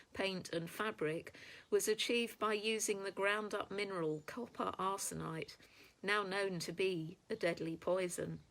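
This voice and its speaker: A woman reading a children's storybook aloud with steady, clear storytelling. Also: medium pitch. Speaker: storybook reader.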